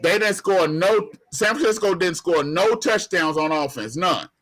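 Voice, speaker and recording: A man's voice: high voice, expressive, unhurried, fairly bright tone. A man arguing football on a sports talk panel, emphatic and colloquial, often repeating himself. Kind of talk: heated sports debate.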